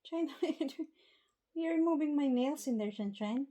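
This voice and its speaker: A woman's voice: sits high, animated, measured pace, mellow, low-quality recording. A woman with a Filipino accent, talking baby talk to her pet birds in a cooing, sing-song way.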